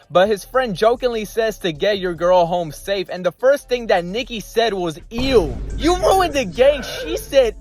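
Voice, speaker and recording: A high-voiced young man narrates a comedic movie recap in heavy slang, animated and quick to burst out in mock disbelief.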